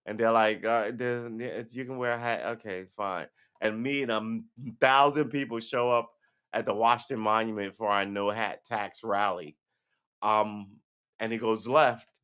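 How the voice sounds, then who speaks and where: A man's voice: fairly low pitch, fairly bright tone, smooth. A man talking casually on a livestream, rambling and profane, with sarcastic asides. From United States. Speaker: livestream host.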